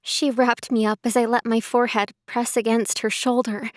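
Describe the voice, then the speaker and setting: A woman's voice: a little high, flat delivery, normal speed, dry recording, studio quality. A woman narrating a first-person audiobook, reading with emotion and a tearful edge in the dialogue.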